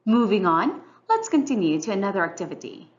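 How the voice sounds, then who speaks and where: A woman teacher giving a clear, measured, scripted English lesson narration. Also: medium pitch, big pitch swings, lo-fi sound. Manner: clear, instructional, measured delivery.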